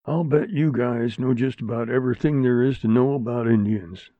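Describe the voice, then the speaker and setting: A man's voice: medium pitch, normal speed, dry recording, lightly acted. A man voicing Red, an eager, talkative man who keeps pressing his point, in a storybook reading. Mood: earnest. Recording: narrow phone-like sound, dry.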